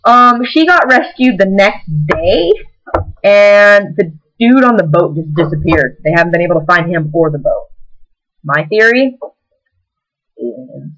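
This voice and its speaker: A woman's voice: fairly low pitch, expressive, unhurried, fairly bright tone, poor audio. A woman recapping a movie in a casual, rambling way. She is sarcastic, says "like" constantly and laughs between lines. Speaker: movie reviewer.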